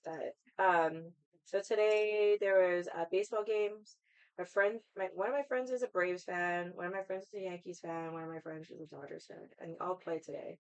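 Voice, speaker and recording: A woman's voice: fairly low pitch, fairly even intonation, normal speed, smooth, rough recording. A woman hosting a casual stream, chatting with her viewers in a rambling way and swearing freely. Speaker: livestream host chatting with viewers. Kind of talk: casual chat.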